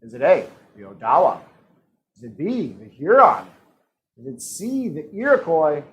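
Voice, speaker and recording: A man hosting an online trivia night, his voice sitting a bit high and swinging up and down with a lot of life. He reads out each question and its options, then tosses off quick jokes and laughs between them. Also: huge pitch swings, highs cut off. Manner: jokey, laughs often, reads out multiple-choice options. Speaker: trivia host. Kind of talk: live-streamed trivia hosting.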